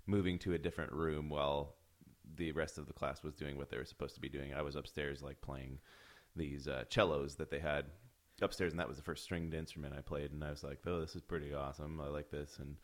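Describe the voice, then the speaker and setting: A man, a musician guest in a casual interview, who rambles through his stories with halting fillers. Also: very deep voice, steady tone.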